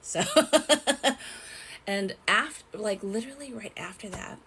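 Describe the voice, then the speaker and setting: A young woman telling a personal story in a rambling, halting way, with many fillers and restarts. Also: medium pitch, sharp tone, a little hiss or hum, low-quality recording. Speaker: vlogger.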